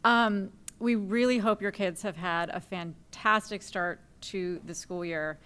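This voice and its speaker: A woman's voice: mid-range voice, fairly even intonation, a little slow, fairly bright tone, smooth. A woman, co-president of a parent association, giving a friendly welcome speech from her notes.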